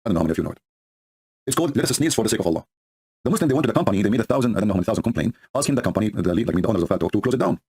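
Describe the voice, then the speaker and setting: A man speaking broken rattles through a mocking monologue at a very fast clip. His voice is husky, and his pitch leaps up and down as he scoffs. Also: lively intonation, darkish tone. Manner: sarcastic, mocking, broken English. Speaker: host of a religious debate stream.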